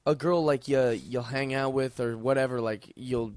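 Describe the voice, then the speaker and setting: A man's voice: medium pitch, fairly even intonation, normal speed, darkish tone, clean tone, no echo. Rambling man in casual podcast chat. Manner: rambling, filler-heavy. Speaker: comedian guest.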